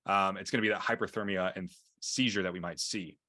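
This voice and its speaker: An EMT instructor teaches a class over a video call, blending lecture with anecdotes in a casual style full of fillers and restarts. His voice sits low with fairly even intonation and a sharp tone, moving a little fast, and there is no echo.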